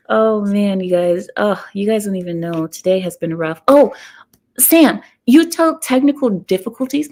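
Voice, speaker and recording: A woman hosting a livestream who chats casually with her viewers and jokes in a sarcastic, deadpan, provocative way. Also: medium pitch, slow, pauses often. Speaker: livestream host.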